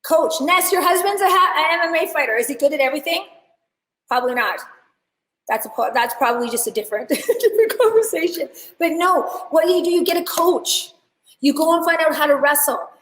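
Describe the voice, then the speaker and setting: A woman teaching a live online hair class, chatty and animated, talking straight to her viewers. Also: sits high, a little fast, roomy sound, rough recording. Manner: chatty, animated storyteller addressing chat. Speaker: hair educator.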